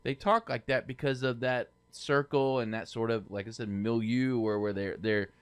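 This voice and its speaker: A man's voice: mid-range voice, fairly even intonation, normal speed, clear, resonant tone. A man hosting a podcast, talking casually with a rambling, self-correcting manner. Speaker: podcast host. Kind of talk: casual chat.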